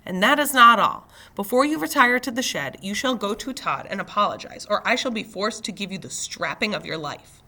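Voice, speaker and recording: A woman's voice: mid-range voice, expressive, a little fast, pushed and bright. Lady reading out a strict stuck-up foster mom, talks all formal and proper. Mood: scolding. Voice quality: formal and lofty in speech. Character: stern, haughty woman foster mother.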